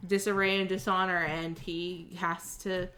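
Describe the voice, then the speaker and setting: A woman's voice: on the low side, flat delivery, measured pace, sharp tone. A young adult woman co-hosting a casual movie podcast, thoughtful and hesitant with frequent ums. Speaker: podcast co-host. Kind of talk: casual chat.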